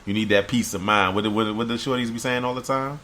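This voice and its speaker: A man co-hosting a casual podcast chat, animated, acting out quotes in a high voice. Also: fast, slight background noise. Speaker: podcast co-host.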